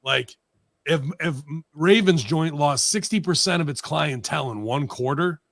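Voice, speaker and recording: Ranting gravelly man, dry close mic. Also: fairly high pitch, animated, normal speed, a bit bright, no room sound. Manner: ranting, profane, sarcastic. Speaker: podcast host. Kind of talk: heated casual wrestling talk.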